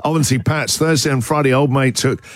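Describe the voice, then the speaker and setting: A man's voice: mid-range voice, steady tone, a little fast, no room sound. A man hosting a breakfast radio show in a studio, teasing his team in joking, mock-offended banter. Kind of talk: casual on-air banter. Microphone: studio microphone.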